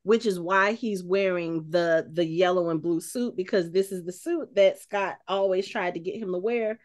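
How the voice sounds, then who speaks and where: A woman's voice: lowish voice, moderate pace. A woman co-hosting a podcast in casual chat, thinking aloud with many filler words and restarts. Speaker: podcast co-host.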